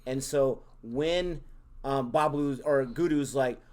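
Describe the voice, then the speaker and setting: A man co-hosting a casual review chat, recapping scenes in a measured way and acting out quotes. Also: medium pitch, a little mellow. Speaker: co-host reviewing a series.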